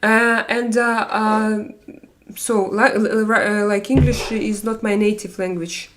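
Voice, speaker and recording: Russian-accented woman chatting haltingly on a live stream. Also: mid-range voice, steady tone, slight background noise. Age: 40s. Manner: halting, many fillers and restarts, non-native grammar. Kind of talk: casual live-stream chat reading viewer comments.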